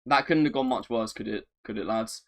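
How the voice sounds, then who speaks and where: A man chatting on a live stream, excitable and self-mocking, often repeating himself. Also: lowish voice, a little fast, creaky. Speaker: gaming streamer. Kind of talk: casual live-stream chat.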